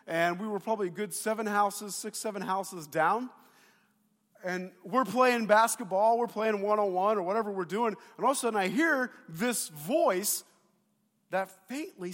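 Man, pastor, sermon, high voice, animated storyteller, talks to the congregation, lapel mic, long hall reverb.

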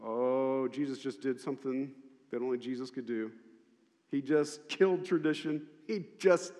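A man's voice: medium pitch, moderate pace, darkish tone. A male pastor preaching a sermon, telling the story animatedly with lots of repetition. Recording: long hall reverb.

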